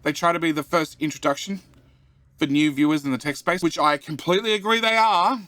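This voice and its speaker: A man's voice: fairly high pitch, a little fast, pushed and bright, no echo. A man with an Australian accent chatting casually on a game live stream, rambling, repeating himself and muttering to himself while he plays and answers chat.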